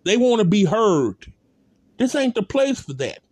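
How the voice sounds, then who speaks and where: A man's voice: high voice, big pitch swings, measured pace, darkish tone, breathy edge, no room sound. A man giving a blunt, impassioned spoken rant, hammering points with repeated rhetorical calls and casual speech. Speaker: commentator.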